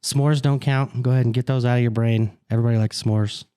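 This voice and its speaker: A man hosting casual table talk on a tabletop game podcast, asking the group questions and tossing in quick yeahs. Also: medium pitch, fairly even intonation, mellow, clean tone, dry recording. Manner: quizzing the group, brief affirmations. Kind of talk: casual chat.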